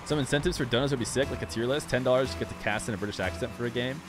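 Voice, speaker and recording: A young man streaming a game and chatting casually with his viewers in a relaxed, rambling way. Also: medium pitch, rapid-fire. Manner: relaxed, rambling, talks straight to chat. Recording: music playing clearly behind the voice.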